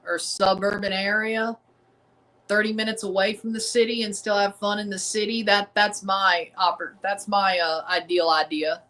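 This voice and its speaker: Bright-voiced Southern US man ranting. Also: sits high, flat delivery, normal speed, low-quality recording. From American South. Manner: defiant, rambling, repeats himself. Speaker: streamer hosting a match watchalong. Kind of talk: casual livestream commentary.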